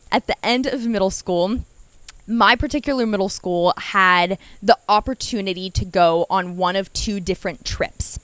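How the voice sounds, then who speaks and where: A woman's voice: medium pitch, dry recording. A young woman, hosting her own podcast and telling personal stories in a chatty, playful way that speaks straight to her listeners. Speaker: podcast host. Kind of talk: casual personal storytelling.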